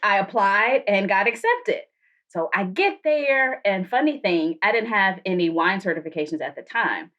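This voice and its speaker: An animated woman guest on a podcast, telling a story with lively energy and acting out the people in it. Her pitch is middling for a woman and leaps high when she mimics someone. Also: moderate pace, muffled recording. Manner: animated, acts out quoted voices.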